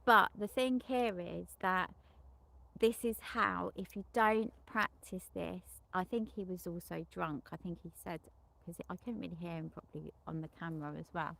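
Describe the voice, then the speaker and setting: A woman's voice: lowish voice, steady tone, normal speed, creaky, fairly bright tone. Frank, rambling woman sex therapist. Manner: rambling, frequent restarts and self-corrections; frank and unembarrassed on explicit topics. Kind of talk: casual monologue recounting a client session.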